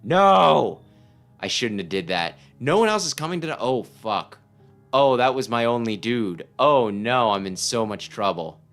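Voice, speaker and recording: A man's voice: medium pitch, expressive, moderate pace, a bit bright, soft background music. A man casually playing a game on stream, reading its text aloud and reacting with wry, swearing asides. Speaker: let's-play gamer.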